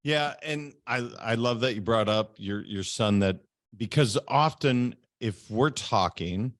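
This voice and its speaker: Male podcast host, mid-pitched, earnest and thinking aloud, dry close sound. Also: measured pace, dry recording. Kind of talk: conversational interview.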